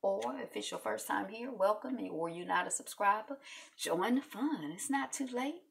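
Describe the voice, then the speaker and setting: A woman hosting a casual video recap of a reality show, chatty and animated, with many fillers. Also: medium pitch, moderate pace, vocal fry.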